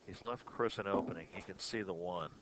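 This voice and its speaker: Deep-voiced man calling pool. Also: very noisy. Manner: measured, analytical, chuckles often. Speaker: pool commentator. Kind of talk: play-by-play commentary.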